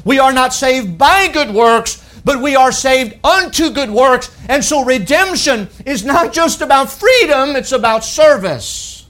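A man preaching a sermon, emphatic, asking rhetorical questions and slowing down on key phrases. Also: extremely high pitch, expressive, a bit bright.

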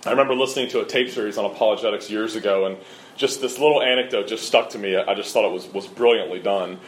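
A middle-aged man preaching a sermon with earnest, emphatic delivery and lively storytelling. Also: lowish voice, quick pace, a little hiss or hum. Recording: roomy echo.

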